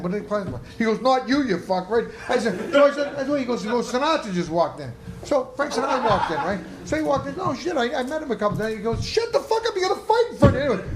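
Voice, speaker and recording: A man, a former boxer, telling a rapid, profane story on a live podcast stage. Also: sits high, a bit bright. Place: comedy club stage. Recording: echoey live club room.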